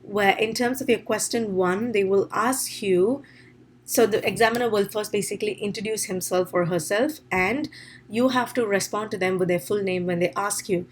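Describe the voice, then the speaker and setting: A woman's voice: medium pitch, normal speed, slight background noise. A woman teacher giving an online exam-prep lesson, explaining step by step and checking in with "all right?". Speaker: IELTS teacher.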